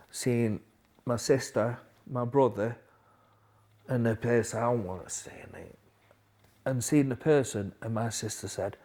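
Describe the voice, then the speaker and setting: A man, a podcast guest quietly telling his recovery story in a halting way, with restarts. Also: medium pitch. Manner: quiet, halting storytelling with restarts, dropping softer at hard moments.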